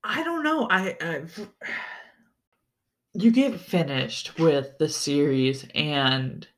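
Slow-talking, cussing book podcast host. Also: medium pitch, animated, a bit bright. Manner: enthusiastic, swears freely, stumbles and restarts. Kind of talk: casual solo book-review chat.

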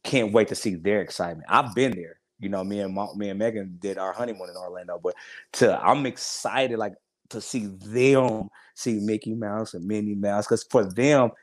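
Low-voiced heartfelt man in his forties. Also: moderate pace, no echo. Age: 40s. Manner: heartfelt, rambling with many restarts. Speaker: podcast guest. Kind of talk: casual interview chat.

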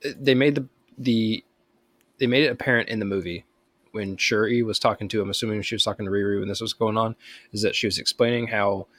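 A man's voice: lowish voice, steady tone, brisk, fairly bright tone, no room sound, studio quality. A man co-hosting a podcast in casual chat, rambling through explanations with many fillers. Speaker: podcast co-host.

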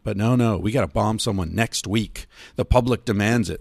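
A man hosting a solo podcast, ranting profanely, dropping low and calm and then rising loud and high. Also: normal speed, creaky, hardly any pauses, dry recording, studio quality. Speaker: podcast host.

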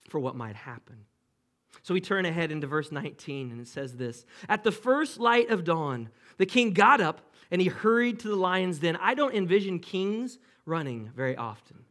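Man, pastor, sermon, storytelling, dramatic pauses, slightly higher voice, church. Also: a bit bright.

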